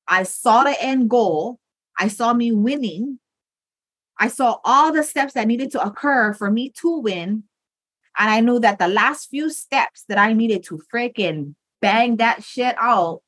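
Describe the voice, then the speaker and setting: A woman's voice: mid-range voice, no room sound. A woman in casual podcast chat, blunt and profane, rambling with restarts and acting out the voices in her head.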